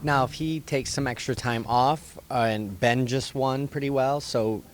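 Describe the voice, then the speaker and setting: A man's voice: medium pitch, a little slow, slight background noise. Man asking long press questions. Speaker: interviewer.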